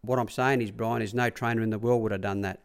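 This Australian man's voice is lowish and creaky, his intonation fairly even and his pace quick. He wanders through casual anecdotes from his time as a track rider, repeating "he said, I said" over and over.

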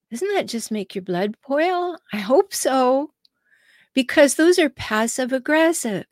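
A woman's voice: high-pitched, expressive, measured pace, no room sound. Emphatic woman coach, dry close sound. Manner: emphatic, asks the listener rhetorical questions. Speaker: relationship coach and podcast host. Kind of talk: solo advice monologue.

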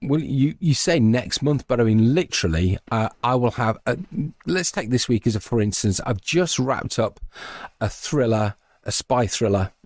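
A man's voice: medium pitch, animated, moderate pace, a little mellow, no room sound, clean studio sound. A man who narrates audiobooks, chatting as an interview guest and explaining his work at length. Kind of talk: casual interview chat.

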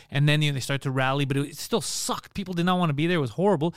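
Fast-talking animated storyteller man. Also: fairly high pitch, smooth, dry recording, studio quality. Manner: animated storyteller, acts out others' lines, swears freely. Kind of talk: casual chat.

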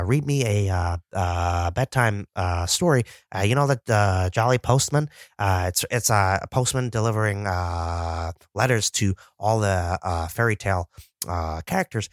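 A man doing a comic impression of a young male racing driver, with a halting, mumbling delivery full of "uh" fillers. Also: low-pitched, no echo, clean studio sound.

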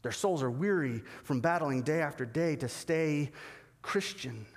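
A man preaching a sermon as pastor, animated and acting out the voices he quotes. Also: on the high side, a little slow, long reverb tail. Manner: animated, acts out quoted dialogue.

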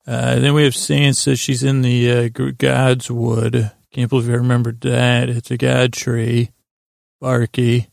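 A man hosting a podcast who recaps an episode in a rambling, halting way, full of fillers and restarts. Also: mid-range voice, monotone, vocal fry, darkish tone, dry recording, studio quality. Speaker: podcast host.

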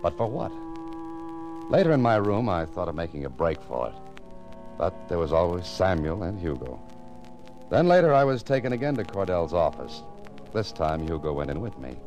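An actor playing a wry, defiant writer held captive, who also narrates, in 1940s radio acting. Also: male voice, sits low, a little mellow, dull audio. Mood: narrating. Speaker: narrator and lead.

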